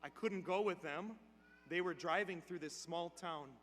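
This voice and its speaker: A male preacher voicing a young priest who speaks calmly and quietly, heard with long church reverb. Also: sits high, measured pace. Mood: solemn. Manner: calm, quiet, steady. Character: young male priest, reluctant then calm. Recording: church hall reverb, faint hum.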